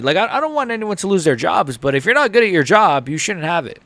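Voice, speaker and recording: Excitable young man reacting live. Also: high-pitched, quick pace, few pauses, no echo. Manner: excitable, swings between mumbled asides and loud outbursts. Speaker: host. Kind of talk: casual live reaction commentary.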